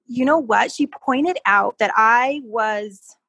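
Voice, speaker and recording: A woman in her thirties telling a story in a relaxed, conversational way. Her voice sits a bit high and has a husky edge, and the sound is close and dry. She gets animated, laughs easily and stumbles over repeated words. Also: slow pace, no room sound, highs cut off. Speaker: podcast guest.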